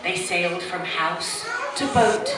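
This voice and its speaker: Animated woman reading a storybook aloud. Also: on the low side, takes it slowly. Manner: animated, puts on character voices. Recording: echoey room, distant mic, background noise.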